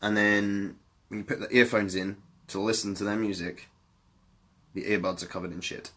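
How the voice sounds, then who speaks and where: A man's voice: on the low side, level tone, normal speed, pushed and bright. A man, co-hosting a podcast in casual chat, blunt and sweary with dry humour. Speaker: podcast co-host.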